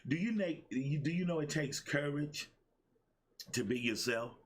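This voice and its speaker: A man hosting a live-streamed motivational show, preaching with excitement, repeating his lines for emphasis and greeting viewers by name. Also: a little high, a little slow, slightly rough. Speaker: host of a daily motivational show.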